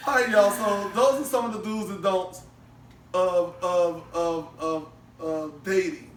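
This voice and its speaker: A man co-hosting a podcast in casual chat, an animated storyteller who laughs often and repeats himself. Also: high voice, measured pace, faint music behind. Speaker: podcast co-host. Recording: roomy, distant mic.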